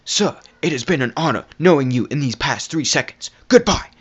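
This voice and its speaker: A man doing a calm fanatical cultist, his voice pitched up high from the man's own, formal and eerily polite, all on a dull, muffled home recording. He sounds oddly serene. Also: a little fast, breathy edge. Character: calm fanatical male cult member.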